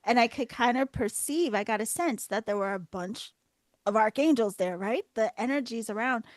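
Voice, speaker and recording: A woman's voice: a little high, normal speed, dry recording. Woman podcast host, casual storytelling, acts out her reactions, dry close sound.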